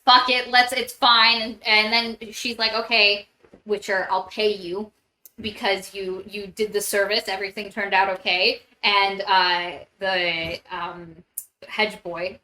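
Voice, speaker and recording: A woman's voice: mid-range voice, little pitch movement, a little slow, bright, forceful tone. A woman co-hosting a casual book club podcast, retelling a story loosely with lots of fillers. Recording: roomy echo.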